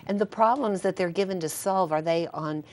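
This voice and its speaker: A woman's voice: lowish voice, fairly quick, a little mellow. A woman hosting a local TV interview, asking questions and adding encouraging remarks.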